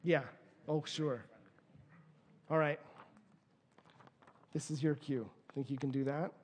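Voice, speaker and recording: A man preaching a sermon, lively and playful, bringing volunteers up to act out the story. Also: a little high, slow pace, husky. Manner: lively, playful, lets out small laughs. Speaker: pastor.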